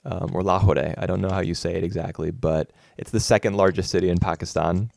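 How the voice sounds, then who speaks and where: A man's voice: low voice, fairly even intonation, fast talker, creaky, a little mellow, dry recording, clean studio sound. A man co-hosting a casual film podcast, thoughtful and rambling with many fillers and restarts. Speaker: podcast co-host. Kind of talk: casual film review chat.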